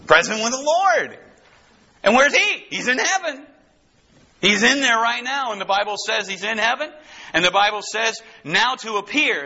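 Guy preaching, high bright voice, kinda husky, dull lo-fi recording, gets punchy and repeats stuff. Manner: animated, emphatic repetition with rising bursts. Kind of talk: expository sermon.

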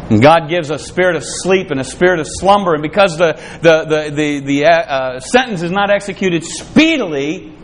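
High-voiced man preaching. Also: a little hiss or hum. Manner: preaching, often in a raised voice, acting out quoted voices. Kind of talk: sermon.

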